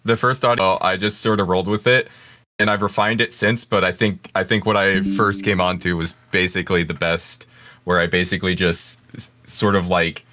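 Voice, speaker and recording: A man's voice: sits low, fairly even intonation, moderate pace. A man on a podcast panel as a voice actor, chatting casually and explaining his methods in a rambling, self-correcting way.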